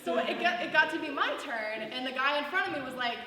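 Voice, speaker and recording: A woman's voice: sits high, lively intonation, fast, pushed and bright. A young woman doing a rambling stand-up set, heavy on filler words. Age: young adult. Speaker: stand-up comedian. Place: student comedy show in a hall. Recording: distant, echoey hall recording.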